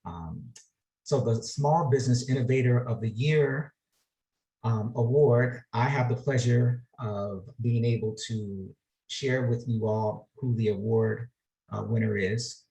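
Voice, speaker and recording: A man presenting an award at an online ceremony on a video call, measured with hesitant fillers. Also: mid-range voice, vocal fry, mellow, rough recording.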